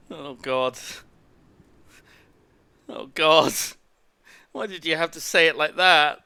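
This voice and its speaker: A man streaming a game live, excitably reacting and exclaiming as he plays. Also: fairly high pitch, drawn-out words, gravelly, long pauses, clean tone. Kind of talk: live gameplay commentary.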